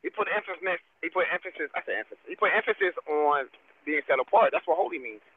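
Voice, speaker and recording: A man's voice: a little high, lively intonation, fast talker, breathy edge. A man on a phone call in a debate, talking bluntly and repeating himself. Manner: repetitive, blunt. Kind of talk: casual debate over a call. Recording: tinny phone line with faint hiss.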